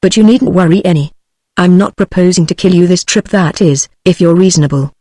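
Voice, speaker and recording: A synthetic text-to-speech woman's voice reading the lines of a brash young male American millionaire in an audiobook, with even, unhurried delivery and no real character voice. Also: on the low side, no room sound, studio quality, natural voice. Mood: blunt.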